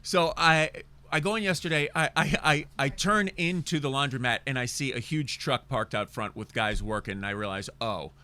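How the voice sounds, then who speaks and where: Bright-voiced rambling podcast guy. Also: mid-range voice, normal speed, few pauses, clean tone. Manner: rambling, crude, joking storyteller. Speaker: podcast co-host. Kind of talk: casual chat.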